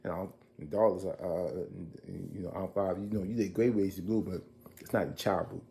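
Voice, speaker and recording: A man casually recapping a TV episode as a reviewer, chatty and animated, acting out characters' lines. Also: sits low, normal speed, gravelly, slight background noise.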